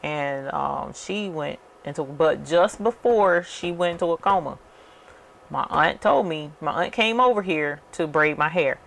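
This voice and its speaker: A woman's voice: low voice, unhurried, creaky, a bit bright. A woman hosting a crafting channel, telling a story in a chatty, casual way and calling her viewers y'all. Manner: chatty, addresses viewers as y'all, many fillers. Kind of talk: casual storytelling while working.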